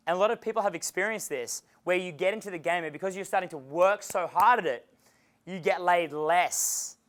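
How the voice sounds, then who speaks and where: A man's voice: high-pitched, brisk, fairly bright tone. A man giving a seminar as a dating coach, casual and chatty, swearing freely and laughing at his own stories. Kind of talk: seminar lecture.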